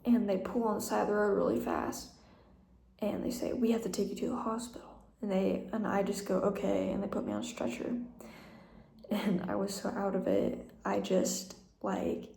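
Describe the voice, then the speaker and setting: A woman's voice: medium pitch, expressive, moderate pace, creaky, warm tone, roomy sound. A young woman telling a personal story in a casual, chatty way, with lots of fillers and small laughs. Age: young adult. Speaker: vlogger.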